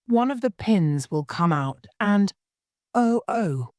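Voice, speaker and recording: A woman voicing a fussy, scatterbrained old queen who talks in a high, fluttery way and breaks into wailing cries. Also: expressive, takes it slowly, darkish tone, dry recording, studio quality.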